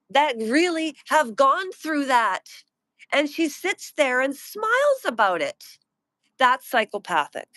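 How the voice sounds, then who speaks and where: A woman's voice: high voice, a bit bright, dry recording. A woman giving an indignant, mocking rant about celebrity gossip on a live stream. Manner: indignant, mocking, slows down to stress points. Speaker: pop culture commentator.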